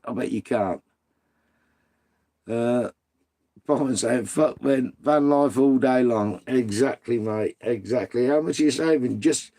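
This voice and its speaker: A man's voice: medium pitch, vocal fry, warm tone. A British man hosting a live stream, chatting casually with viewers and reading out their comments in a blunt, sweary, ranting way.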